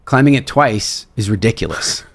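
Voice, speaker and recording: A man who is a speaker and seminar leader, telling stories as a podcast guest and acting out quotes with lively energy. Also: on the low side, moderate pace, gravelly. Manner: animated storyteller, acts out quotes, repeats words. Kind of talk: storytelling in a podcast interview.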